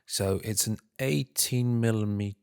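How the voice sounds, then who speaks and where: A man talking himself through a software tutorial, muttering and humming filler sounds between steps and calling himself an idiot. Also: on the low side, fairly even intonation, a little slow, creaky, clean tone, dry recording, studio quality. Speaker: tutorial host. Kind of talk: screen-recorded software tutorial.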